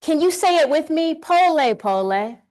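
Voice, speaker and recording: A woman giving an energetic motivational keynote on a conference stage, leading the audience in call-and-response. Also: sits high, moderate pace. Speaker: keynote speaker.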